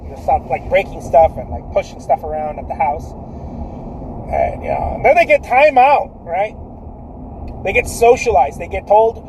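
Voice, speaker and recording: Brash high-voiced man hyping his viewers. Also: sing-song, normal speed, a little hiss or hum, rough recording. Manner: loud, swaggering and profane, with bursts of laughter. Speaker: artist. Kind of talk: motivational vlog talk.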